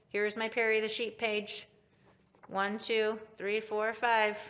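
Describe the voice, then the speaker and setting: A woman's voice: on the high side, pushed and bright. A woman music teacher giving an upbeat online recorder lesson, speaking directly to her pupils.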